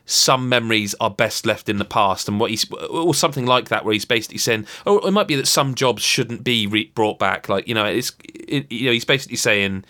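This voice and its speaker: A man's voice: lowish voice, a little fast, few pauses, sharp tone. A man in casual chat, rambling through a story with restarts and acted-out quotes. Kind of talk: casual chat about a video game.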